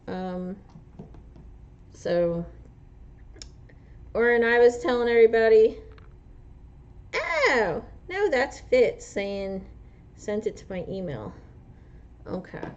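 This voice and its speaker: On a dull, lo-fi livestream, a woman with a New Jersey accent chats with viewers and answers their comments. A trucker and driving instructor, she speaks at medium pitch, expressively and slowly, leaving long pauses and rambling with lots of fillers.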